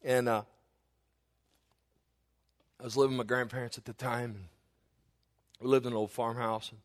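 A man's voice: mid-range voice, little pitch movement, moderate pace. A middle-aged man, preaching a sermon as pastor and telling homespun stories with many restarts and asides. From Eastern Kentucky.

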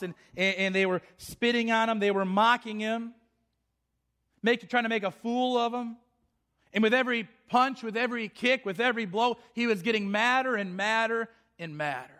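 A man's voice: sits high, bright, forceful tone. A man preaching a sermon with passion, repeating phrases and restarting his sentences. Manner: impassioned, repetitive, with frequent restarts.

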